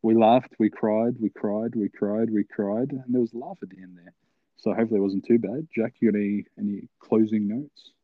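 A man's voice: lowish voice, brisk, no echo. Crude, laughing young man telling stories. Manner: laughing, crude, animated storyteller. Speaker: podcast co-host. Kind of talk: casual podcast chat, storytelling. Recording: dry, slightly dull sound.

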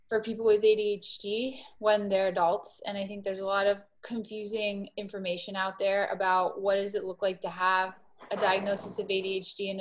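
She is a woman in her forties from Miami, speaking as a podcast guest. Her voice sits at an ordinary middle pitch. She explains things in a measured, clear way, laying points out one after another. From Miami, Florida. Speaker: guest psychologist. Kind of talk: explanatory conversation.

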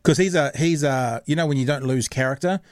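A man's voice: on the high side, fairly quick, dry recording, studio quality. A man hosting a podcast, chatting casually and rambling a little while he searches for words. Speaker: podcast host. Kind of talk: casual chat.

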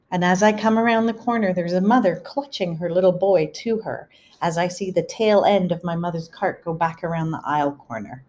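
A middle-aged woman with a lowish, somewhat dark voice hosts a podcast. She tells family stories in a chatty, casual manner, laughing now and then.

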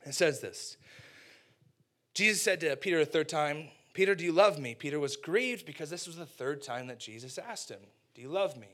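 Slangy, animated young male preacher. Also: on the high side, normal speed. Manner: animated storyteller, acts out quotes, slangy asides. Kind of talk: casual sermon.

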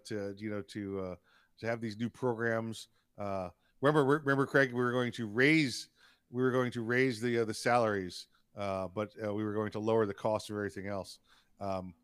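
A man's voice: lowish voice, a bit bright, clean tone, no room sound, clean studio sound. A man co-hosting a podcast in casual political chat, telling jokes and stories with a chuckle and a lot of "yeah". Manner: storytelling, chuckling, repeats "yeah". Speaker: podcast co-host.

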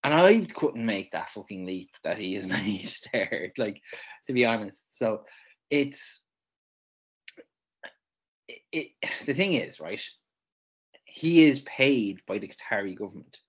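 A man's voice: fairly low pitch, expressive, slow pace, long pauses, husky. A man co-hosting a casual podcast chat, explaining his points emphatically and checking in with "right?" and "okay?". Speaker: podcast co-host.

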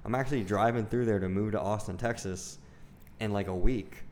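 A man's voice: on the low side, fairly even intonation, fairly quick, darkish tone, a little hiss or hum. A young man casually telling a crude story, peppered with "dude" and "like". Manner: crude, laid-back storytelling with lots of "dude" and "like". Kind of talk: casual chat.

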